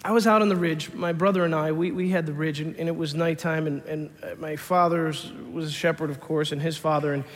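A man playing a middle-aged former shepherd who tells his story in a halting, heartfelt way. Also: on the high side, fairly even intonation, lightly acted. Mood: reminiscing. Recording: long hall reverb.

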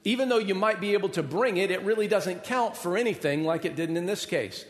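A man preaching a sermon, his voice pitched high for a man. He tells a story in an animated way, acting out the people in it. The hall around him carries a long reverb. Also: fairly quick. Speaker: pastor.

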